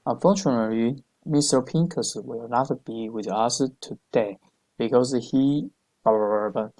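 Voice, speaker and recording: A man reads business phrases for his tutor. He speaks slowly and haltingly, filling gaps with many uhs, and his voice sits at a middle pitch. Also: darkish tone, rough recording. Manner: hesitant, many uhs and restarts. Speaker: English student. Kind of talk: reading practice phrases aloud.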